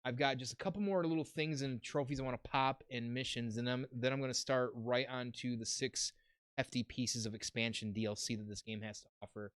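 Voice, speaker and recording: A man's voice: medium pitch, fairly even intonation, brisk, a bit bright, clear, resonant tone, dry recording. A man hosting a casual podcast, laid-back and rambling, swearing now and then. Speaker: podcast host. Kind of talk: casual chat.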